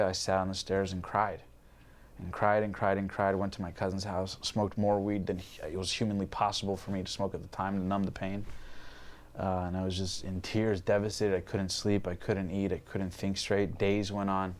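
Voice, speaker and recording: A man's voice: low voice, flat delivery, normal speed. A man in his twenties, a podcast guest, telling his personal story candidly, swearing freely and acting out his past thoughts. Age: 20s.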